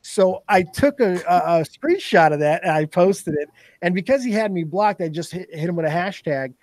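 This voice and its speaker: A man in casual podcast chat, telling stories in a profane, animated way. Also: high voice, normal speed, dry recording, clean studio sound. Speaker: podcast guest.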